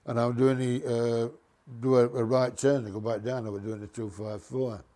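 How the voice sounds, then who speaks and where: An older man spins a reminiscing anecdote at an easy middle pitch. He chuckles now and then and slips into voices for the people he quotes. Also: level tone, moderate pace, warm tone. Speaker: retired bus driver.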